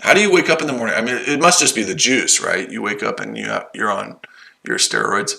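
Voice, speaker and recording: This fast-talking man has a fairly low, sing-song voice with vocal fry, sounding pushed and bright over a low-quality recording. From his shed, he hosts a live trading stream, swearing, mocking the chat, and firing back sarcastic, combative comebacks at viewers.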